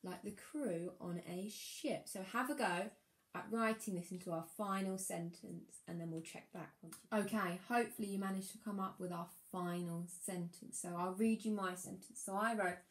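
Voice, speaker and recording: A woman teaching a phonics lesson to young children, encouraging them and sounding out words slowly. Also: medium pitch, reverberant. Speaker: primary school teacher.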